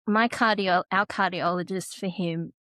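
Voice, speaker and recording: A woman's voice: lowish voice, fairly even intonation, a little slow, a bit bright, dry recording, studio quality. Tearful Australian woman telling her story. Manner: tearful, restarts sentences often. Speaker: podcast guest. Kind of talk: emotional personal storytelling.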